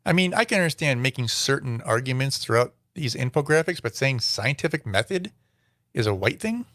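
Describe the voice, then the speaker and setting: A man hosting a commentary vlog, reading passages aloud and then picking them apart with sarcastic, disbelieving remarks. His voice sits at an ordinary middle pitch, and the recording is dry and close, with no room sound. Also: very animated, fairly quick, a bit bright, dry recording. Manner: sarcastic, incredulous asides between read-out quotes. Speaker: show host.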